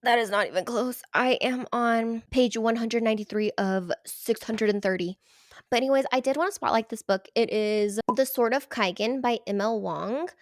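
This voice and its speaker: A woman's voice: fairly high pitch, no room sound, clean studio sound. Chatty young woman with a sick voice. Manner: chatty, gushing, fast. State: sick, hoarse voice. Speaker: book vlogger. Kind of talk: casual chat.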